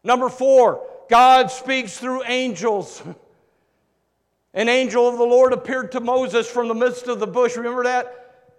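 A man preaching a sermon, shifting between loud emphatic lines and hushed low ones. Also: fairly even intonation, unhurried. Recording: long reverb of a large hall.

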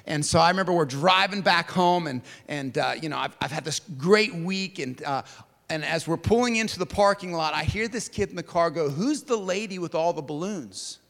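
Man, pastor, sermon, high bright voice, animated, long hall reverb. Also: a little fast, vocal fry. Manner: animated storytelling with big swings in loudness and pitch. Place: large church hall.

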